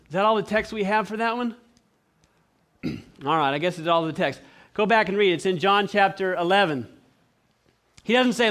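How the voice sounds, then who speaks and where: A man preaching a sermon, animated and acting out the voices of the people he quotes. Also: sits high. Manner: clears throat often.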